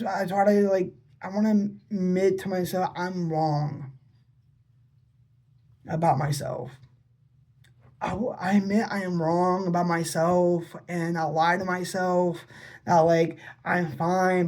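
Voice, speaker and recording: A man's voice: high-pitched, fairly even intonation, measured pace, vocal fry, darkish tone. Guy ranting into his vlog cam at his dad, keeps repeating himself, asks the same questions over and over. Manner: rambling and repetitive, with restarts and pleading questions. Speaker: vlogger addressing his father. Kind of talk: unscripted personal vlog monologue.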